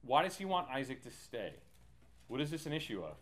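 A man's voice: mid-range voice, big pitch swings, brisk. A man leading a Bible study in a casual, talkative way, with many fillers and restarts. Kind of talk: casual teaching.

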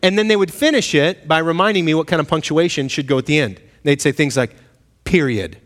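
A fast-talking pastor with a fairly high voice preaches in a large hall. He asks the congregation questions in a conversational style and acts out the voices he cites.

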